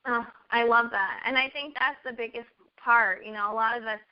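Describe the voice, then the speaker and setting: A young woman with a high, bright-toned voice tells her story in an earnest, heartfelt way, often acting out what she and others said. The recording is dull and lo-fi. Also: brisk. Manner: earnest storytelling, quotes herself. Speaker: network marketing guest. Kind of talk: casual chat. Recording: dull lo-fi audio.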